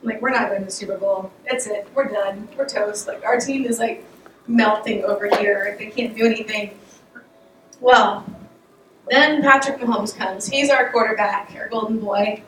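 A woman giving a casual devotional talk, conversational and animated, with laughs and restarts, her voice getting worn. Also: mid-range voice, normal speed, slight background noise. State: losing her voice. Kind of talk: casual sermon. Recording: echoey room, voice picked up from a distance.

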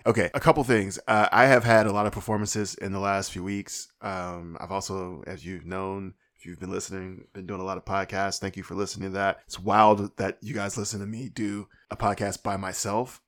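A man with a somewhat low, hoarse voice that sounds worn out from too much talking. He hosts a solo podcast and rambles through profane, comic rants with mounting exasperation, mumbling his words now and then. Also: flat delivery, brisk, hardly any pauses, fairly bright tone. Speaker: podcast host. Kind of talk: casual solo podcast rant.

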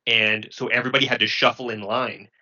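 Halting man with a bright, lo-fi voice. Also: medium pitch, fairly even intonation. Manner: halting, filler-heavy, self-correcting. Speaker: former Marine recruit. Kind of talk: casual storytelling chat.

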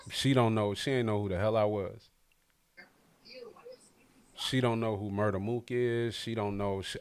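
There's a faint hiss or hum behind this podcast host's fairly low voice. He runs a laid-back interview over a video call, talking in a slangy, easygoing way and building up his guest.

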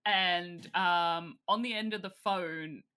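Bright-toned woman retelling a film. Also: on the low side, slow pace, clean tone. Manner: lively storytelling, frequent fillers and swearing. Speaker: co-host recapping a film. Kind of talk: casual chat.

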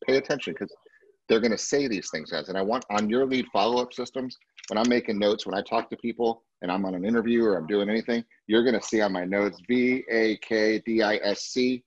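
A man's voice: brisk, a little hiss or hum. A man teaching real estate agents in a sales class, talking emphatically and acting out clients' words. He is heard over lo-fi video call audio. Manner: emphatic, acts out client quotes in a much higher voice.

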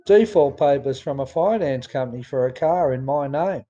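A man's voice: medium pitch, moderate pace, mellow, muffled recording. A man with an Australian accent reading his own memoir aloud in a plain storytelling way, with some fillers and restarts. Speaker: memoir narrator.

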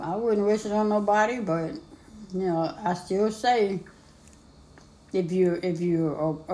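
A woman co-hosting a casual chat, supportive and light-hearted, quick to affirm her partner. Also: medium pitch, mellow. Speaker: co-host. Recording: echoey room.

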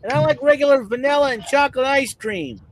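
A man co-hosting a casual podcast chat, animated and quick to exclaim. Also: very high voice, rough recording. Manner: animated, exclaiming, speaks with disgust at odd foods. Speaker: podcast co-host.

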